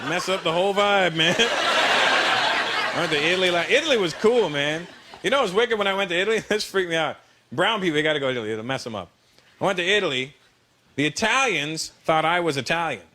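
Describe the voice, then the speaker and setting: A man performing a stand-up comedy set before a large audience, telling animated stories and acting out the people in them. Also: high-pitched, fairly quick, a little hiss or hum. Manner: animated, storytelling with voices. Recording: live show with loud audience laughter.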